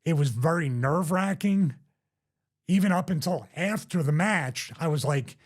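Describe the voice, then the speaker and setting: A man in his fifties hosting his own show, telling a story in a casual, animated, self-deprecating way and quickly quoting others. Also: fairly high pitch. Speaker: host.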